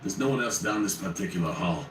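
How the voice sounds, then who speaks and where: A man's voice: deep voice, fast. A man narrating a first-person horror story in a wry, conversational way. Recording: roomy, distant, faint noise.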